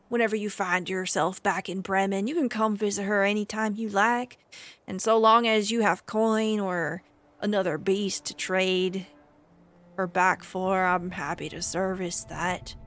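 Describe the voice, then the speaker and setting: A woman voicing a haggard, soft-hearted male stable master who offers a gentle trade. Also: medium pitch, close to an everyday voice.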